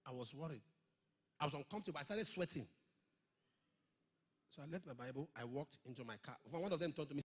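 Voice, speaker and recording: A man preaches with a husky, somewhat high voice that swings widely in pitch. His emphatic storytelling rings out with a long reverb off a large hall. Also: lively intonation, fast talker, long pauses. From Nigeria. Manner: emphatic, with sudden rises and exclamations. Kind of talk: sermon storytelling.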